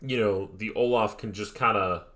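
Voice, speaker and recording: A man's voice: lowish voice, fairly even intonation, normal speed, fairly bright tone. A man casting an esports match on a live stream, talking in a laid-back, rambling way with joking asides. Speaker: esports caster. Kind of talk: casual live-stream commentary.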